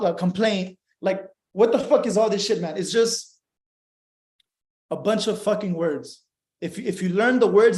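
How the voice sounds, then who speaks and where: A man's voice: sits high, a little mellow, roomy sound. A young adult man, an attorney talking as a guest in a casual interview, telling his story in an emphatic, profane, fired-up way.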